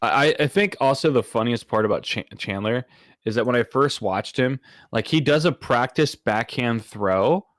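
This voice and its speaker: A man's voice: medium pitch, lively intonation, normal speed, no echo, clean studio sound. A man hosting a casual podcast, thinking aloud in a rambling, easygoing way. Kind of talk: casual chat.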